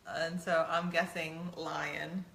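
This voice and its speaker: A woman's voice: deep voice, little pitch movement, slow pace, creaky, a bit bright, echoey room. A middle-aged woman co-hosting a show, chatting casually and teasingly with her husband, laughing often. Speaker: podcast co-host. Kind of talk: casual chat with spouse.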